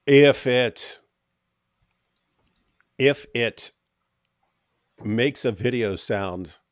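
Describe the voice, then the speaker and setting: A man's voice: mid-range voice, extremely slow, dry recording, studio quality. A man hosting a casual livestream, reading viewer comments aloud and giving feedback on a video. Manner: thinks aloud, reads chat comments. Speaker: host.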